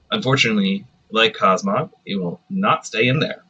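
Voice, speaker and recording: A man's voice: lowish voice, moderate pace, bright, forceful tone, breathy edge, lo-fi sound. A man live-streaming a video game, chatting casually and rambling to himself with self-deprecating remarks.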